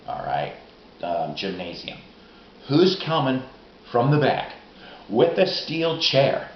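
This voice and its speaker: A middle-aged man telling rambling, profane, excitable stories in a casual vlog monologue. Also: medium pitch. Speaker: vlogger. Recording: roomy, dull lo-fi recording.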